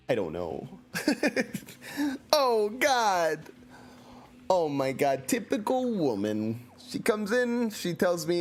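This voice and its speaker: A man's voice: on the high side, big pitch swings, slow, long pauses, soft background music. A man streaming a video game, chatting casually in a playful, joking and self-mocking way. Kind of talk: casual let's-play commentary.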